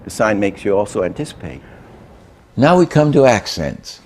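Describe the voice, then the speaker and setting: A man's voice: fairly low pitch, very animated, normal speed, husky. Man teaching animation through anecdotes. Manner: anecdotal, demonstrative, trailing off into quiet asides. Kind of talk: lecture with acted-out examples.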